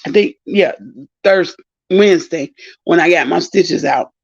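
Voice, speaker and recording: A middle-aged woman hosts a rambling live-stream chat, her gravelly voice full of fry and a husky edge. She tells a story in animated bursts, exclaiming as she goes. The recording sounds dull and lo-fi. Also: fairly low pitch, unhurried. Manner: animated, exclaiming, long-winded. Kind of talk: casual storytelling monologue.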